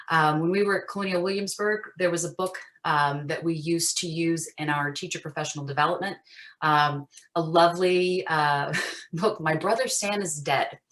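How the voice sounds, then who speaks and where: A woman teaching an acting master class over a video call, chatty and animated with frequent fillers. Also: fairly low pitch.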